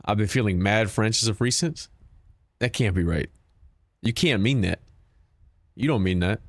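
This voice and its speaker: A man's voice: fairly low pitch, moderate pace, no room sound, clean studio sound. A man streaming a game, chatting casually and profanely with his viewers, joking and talking back to chat.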